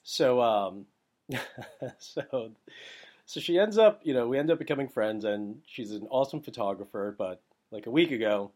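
A man hosting a podcast about photography, talking in a casual, animated, rambling way and slipping into quick voices of other people. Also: mid-range voice.

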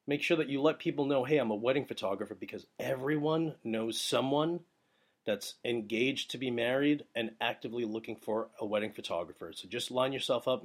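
A young adult man talking casually to his listeners about wedding photography, rambling through a story with plenty of fillers. His voice sits at an ordinary middle pitch and jumps up in excitable bursts. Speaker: wedding photographer, podcast host. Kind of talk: casual advice monologue.

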